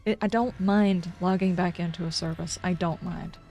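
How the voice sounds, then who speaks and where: A woman's voice: lowish voice, fairly even intonation, moderate pace, a little mellow, soft background music. A woman game streamer chatting casually on a livestream, ranting in exasperation with sarcastic asides.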